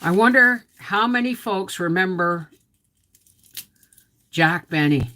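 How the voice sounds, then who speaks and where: A woman's voice: fairly low pitch, animated, takes it slowly, pushed and bright. A middle-aged woman hosting a casual homestead livestream, rambling chattily and greeting viewers by name, her voice a little off. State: voice slightly off.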